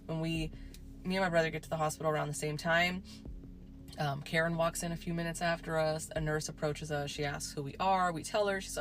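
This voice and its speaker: A woman with a fairly low voice tells a spooky personal story. She speaks in a loose, conversational way, full of fillers and swearing, with soft music playing faintly behind her. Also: fairly even intonation, a little fast. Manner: chatty, peppered with "like" and swearing. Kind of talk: casual storytime.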